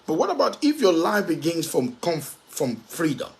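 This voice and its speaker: A man's voice, pitched a little higher than most men's, delivering a motivational talk with emphatic force. He drives his points home by repeating key phrases again and again. Now and then he slows to spell a word out letter by letter. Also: very animated, vocal fry, a little mellow. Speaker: motivational speaker.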